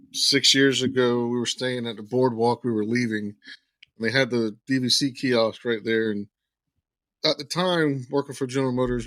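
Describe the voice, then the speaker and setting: Man, storytelling, acts out quotes, mid pitch, dry sound. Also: no echo. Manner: animated anecdote teller, acts out quoted lines. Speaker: podcast guest. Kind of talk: casual storytelling.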